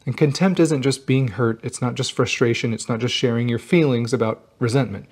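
A man hosting a relationship advice channel, talking earnestly straight to his viewers and slowing down to stress key points. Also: mid-range voice, a little mellow, husky. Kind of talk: direct-to-camera advice talk.

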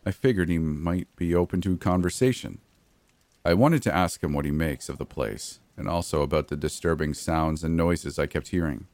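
A man's voice: a bass voice, normal speed, darkish tone, dry recording. A man narrating a first-person horror story in a gritty, blunt way, with frequent mild cursing.

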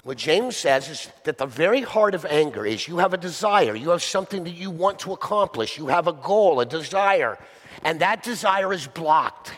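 A male pastor delivers a sermon in a plain, conversational way and keeps asking his listeners rhetorical questions. His voice sits a little high for a man. The sound carries a long reverb, as in a large church hall. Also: expressive, normal speed, a bit bright.

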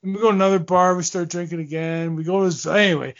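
A man's voice: sits high, fairly even intonation, quick pace, lo-fi sound. A man in his forties, a former hockey player, telling long stories in a casual interview, rambling with fillers, restarts and laughs.

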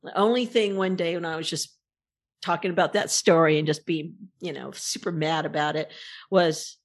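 A woman in casual conversation, telling a long personal story in an animated, rambling way. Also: low-pitched, normal speed.

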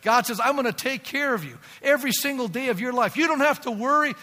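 A man preaching a sermon as pastor, emphatic and building to shouts, calling for amens from the congregation. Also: very high-pitched, lively intonation, fast, long reverb tail.

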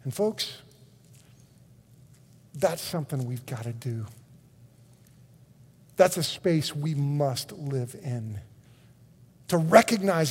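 A middle-aged male pastor preaching a sermon in an animated, conversational way, often restarting his sentences. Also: fairly high pitch, slow, pauses often, slightly rough. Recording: long reverb in a large hall.

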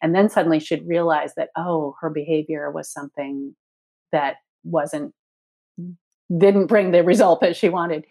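A woman's voice: low voice, fairly even intonation, unhurried, mellow. A woman in her sixties speaking earnestly as an interview guest, acting out inner voices with playful shifts. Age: 60s. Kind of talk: reflective interview talk.

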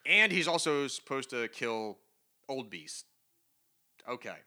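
A man's voice: mid-range voice, very animated, slow pace, bright, forceful tone. A man co-hosting a podcast, chatting casually about comic books and reading the dialogue aloud with lots of laughter. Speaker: podcast co-host. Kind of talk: casual comic book review chat.

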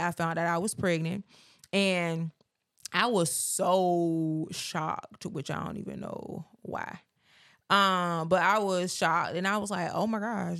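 Animated woman telling her story, dry sound. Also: mid-range voice, no room sound. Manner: animated, emphatic, repeats phrases for punch. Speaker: podcast co-host. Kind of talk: casual storytelling chat.

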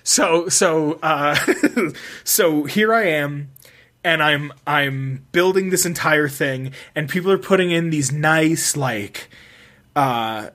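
A man's voice: fairly high pitch, slow pace, fairly bright tone. A young man telling a rambling school story in casual chat, self-mocking, swearing and laughing often.

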